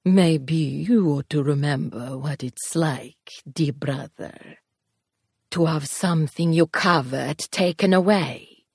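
A woman voicing a cruel, sneering male demon in an audiobook, with a low, breathy, menacing drawl. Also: no echo, clean studio sound, exaggerated voice. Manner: slow, taunting drawl with soft hissed words. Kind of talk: audiobook character voice.

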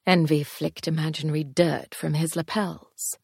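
Woman narrating a dark fantasy tale. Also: deep voice, moderate pace, vocal fry, slightly rough, no echo, studio quality. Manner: expressive, tense storytelling pace shifts. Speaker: audiobook narrator. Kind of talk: first-person dramatic fantasy narration.

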